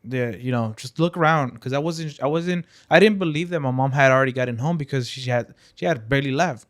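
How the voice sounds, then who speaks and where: Young man, podcast co-host, excited emphatic retelling, casual. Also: mid-range voice, brisk. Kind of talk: casual chat.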